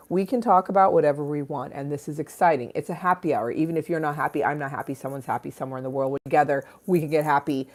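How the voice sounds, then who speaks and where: A woman hosting a casual livestream on her phone, playful and crude, swinging between loud bursts and low mutters. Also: quick pace. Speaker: livestream host. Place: Los Angeles home.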